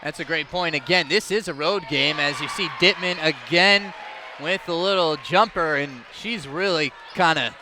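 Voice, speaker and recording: A man giving easygoing, chatty play-by-play commentary on a high school basketball game. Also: normal speed, a crowd in the background, noisy background. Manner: easygoing, chatty, laughs along with his partner. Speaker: play-by-play announcer.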